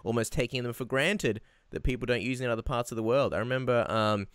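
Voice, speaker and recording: A man's voice: mid-range voice, fast, clear, resonant tone, dry recording, studio quality. An Australian man co-hosting a podcast in casual chat, laid-back and joking. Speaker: podcast co-host.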